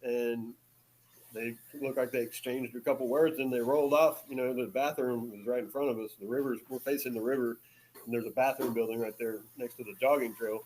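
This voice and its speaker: A man's voice: medium pitch, fairly even intonation, a little fast, a little mellow, a little hiss or hum. Man telling a story with chuckles. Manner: chuckles often, leans on "you know". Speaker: podcast guest. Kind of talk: casual storytelling.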